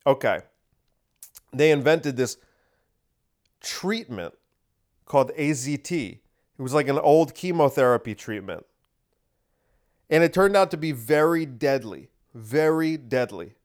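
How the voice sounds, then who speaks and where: A man's voice: a little high, darkish tone. A man hosting a podcast, talking in a sarcastic, ranting monologue full of rhetorical questions. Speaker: podcast host. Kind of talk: opinionated monologue.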